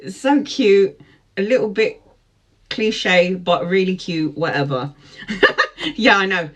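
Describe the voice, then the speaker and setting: A woman's voice: mid-range voice, slow pace. Chatty woman telling a story. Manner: lively, laughs often, acts out quoted speech. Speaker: tarot vlogger. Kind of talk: storytime chat.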